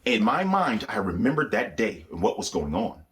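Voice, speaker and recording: A man with a lowish voice recounts a personal spiritual testimony. He tells it intensely, circling back on phrases and restarting sentences as he goes. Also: big pitch swings, normal speed, fairly bright tone. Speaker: speaker giving a religious testimony.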